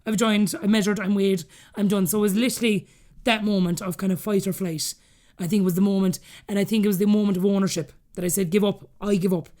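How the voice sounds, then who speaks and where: Irish woman in her 30s rattling off a personal story, acts out the back-and-forth, talks quick. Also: medium pitch. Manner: rapid, animated, acts out quoted dialogue. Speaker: podcast guest.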